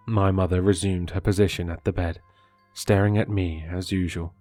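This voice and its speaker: A man reading a horror story aloud in a steady, measured narration. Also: low-pitched, no room sound, soft background music.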